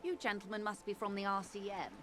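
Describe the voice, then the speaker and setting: An actress voicing a poised, refined harbour representative in a video game, polite and composed. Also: female voice, medium pitch, flat delivery, fast, music in the background, natural voice.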